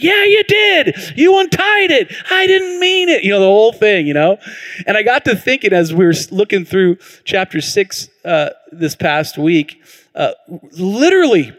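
A man pastor preaching a sermon, telling a story with animated, acted-out quotes. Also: high-pitched. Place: church hall. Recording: reverberant church hall.

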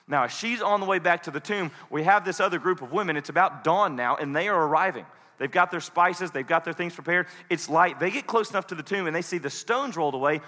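A preacher gives an animated, storytelling sermon in a high, bright voice. He slips in and out of characters, and a long church reverb trails each line. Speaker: pastor. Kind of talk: sermon with dramatic retelling.

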